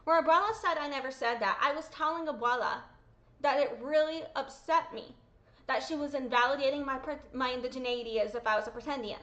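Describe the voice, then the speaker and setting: High bright-voiced woman venting to her viewers, blunt, swearing, quoting people over and over. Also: brisk. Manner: upset, swearing, repeating quotes. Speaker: vlogger. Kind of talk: angry personal callout vlog.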